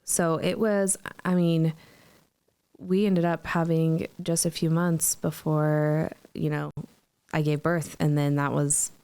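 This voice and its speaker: A woman's voice: low-pitched, little pitch movement, slow pace, mellow, clean tone. A woman hosting a podcast, telling a personal story in an earnest, emotional, reflective way. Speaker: podcast host.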